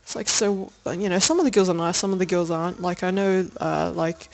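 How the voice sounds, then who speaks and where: A woman's voice: on the low side, fairly quick, darkish tone. A young woman telling a personal story for a video diary, rambling with lots of fillers, laughter and casual swearing. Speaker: video diarist.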